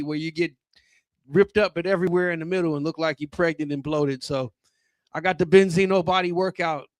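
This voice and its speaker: Holding a handheld microphone on a comedy club stage, a man in his thirties delivers a meandering, profanity-filled routine punctuated by abrupt shouts. The high-voiced recording carries no room sound.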